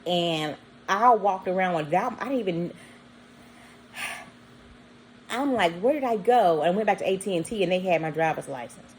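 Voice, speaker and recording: A woman's voice: fairly low pitch, normal speed, pauses often, a little hiss or hum, poor audio. A woman casually telling a long personal story, acting out the people in it. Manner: animated, acts out quoted voices with bleeped words. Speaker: vlogger.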